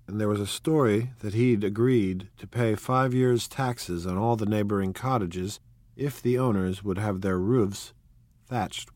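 A man narrating an audiobook in a measured, even, unhurried reading. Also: on the low side, dry recording. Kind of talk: scripted narration.

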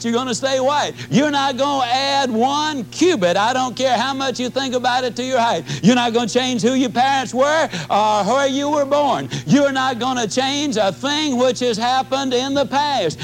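A man in his fifties giving a motivational talk, telling stories in a folksy, animated way with drawn-out emphatic pauses. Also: very high-pitched, slight background noise. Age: 50s. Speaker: motivational speaker.

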